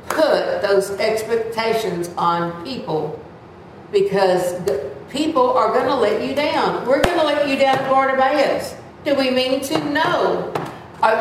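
A woman in her seventies teaching Sunday school, earnest and chatty, sometimes acting out whiny voices. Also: on the high side. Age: 70s. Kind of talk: sermon. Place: church room. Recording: echoey room, mic at a distance, faint noise.

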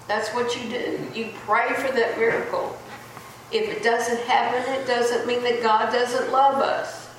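A woman giving a sermon in a church hall, telling folksy stories and repeating her points slowly for emphasis. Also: medium pitch, slight background noise. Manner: folksy storytelling, slow emphatic repetition. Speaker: church speaker. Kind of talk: sermon with a personal story. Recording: echoey room.

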